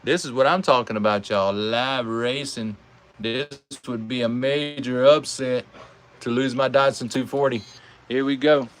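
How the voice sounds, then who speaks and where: A man with a Southern American accent hosts a live stream and calls toy car races in a folksy, animated way, chatting with his viewers. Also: mid-range voice, a little slow. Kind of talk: live race commentary.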